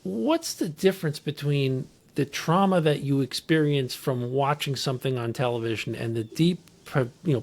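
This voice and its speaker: A man's voice: fairly high pitch, a little mellow. Friendly male talk-show host. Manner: friendly, thinks aloud with fillers and restarts. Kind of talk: conversational interview.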